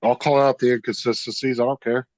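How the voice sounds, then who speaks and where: A man's voice: mid-range voice, level tone, fast, no echo, low-quality recording. A blunt man chatting casually on a live stream, swearing now and then. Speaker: school bus district worker.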